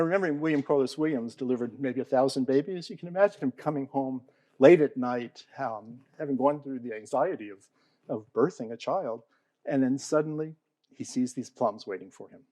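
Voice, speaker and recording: A man lecturing an audience on poetry, his pitch rising and falling with animation. His tone is warm and mellow, and the sound is dry and close. He keeps checking in with "okay?" and "all right?" and asks the room questions. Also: no room sound, low-quality recording. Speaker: panel speaker on poetry.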